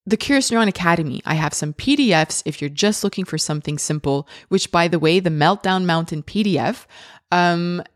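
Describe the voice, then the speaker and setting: A woman podcast host with a somewhat low voice talks in a chatty, enthusiastic way, restarting sentences and dropping in fillers. The sound is dry and close, with no room echo. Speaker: parent of young children. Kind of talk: casual podcast monologue.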